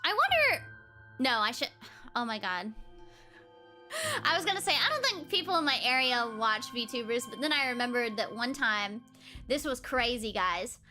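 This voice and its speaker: High bright-voiced giggly young woman. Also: very animated, normal speed. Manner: giggly, chatty, laughs often. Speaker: VTuber streamer. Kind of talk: casual livestream chat. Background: faint background music.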